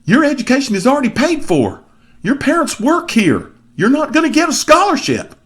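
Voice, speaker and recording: A man putting on the voice of a kindly male financial aid officer with a Southern accent, speaking high and with emphasis as if explaining patiently. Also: wildly swooping pitch, moderate pace, fairly bright tone, heavily acted. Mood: insistent.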